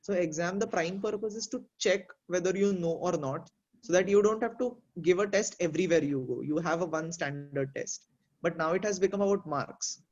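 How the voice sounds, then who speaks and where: A man's voice: high voice, moderate pace, highs cut off. A man in a casual group discussion, explaining his ideas thoughtfully with examples and many fillers. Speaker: discussion participant.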